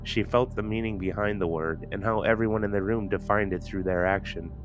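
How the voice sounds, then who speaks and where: A man reading an audiobook-style story narration in a measured, even way. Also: lowish voice, faint music behind. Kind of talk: audiobook narration of fan fiction.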